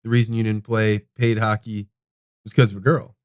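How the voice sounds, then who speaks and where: A man hosting a podcast, telling a personal story in a rambling, animated way with casual swearing. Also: on the low side, moderate pace, smooth, dry recording, studio quality. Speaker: podcast host.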